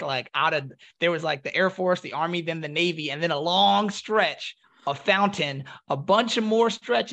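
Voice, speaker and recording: A man from North Philadelphia, a former Marine and podcast guest, telling stories in a casual, animated way and acting out the voices of people he quotes. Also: fairly high pitch, vocal fry. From North Philadelphia, USA. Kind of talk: casual storytelling.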